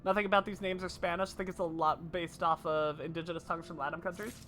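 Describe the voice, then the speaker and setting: A woman's voice: fairly low pitch, fairly even intonation, fast, fairly bright tone, soft background music. A woman streaming a game, chatting casually, laughing often and speaking emphatically. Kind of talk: casual live-stream chat while playing.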